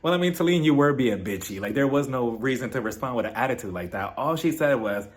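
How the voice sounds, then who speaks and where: A man hosting a casual, gossipy review of a reality TV episode, chatty and quick to laugh. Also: medium pitch. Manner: animated, chatty, laughs often. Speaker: reality TV recap host.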